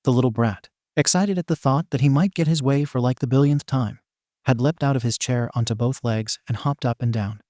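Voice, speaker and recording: Mellow-voiced man reading a story. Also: medium pitch, fairly quick, no echo, studio quality. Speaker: narrator. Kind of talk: reading fan fiction aloud.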